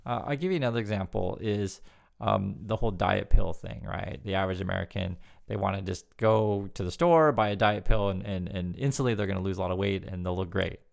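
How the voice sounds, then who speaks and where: A man's voice: low-pitched, a little fast, vocal fry. A man giving casual spoken commentary, chatty and often repeating words as he talks. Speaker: news commentary YouTuber.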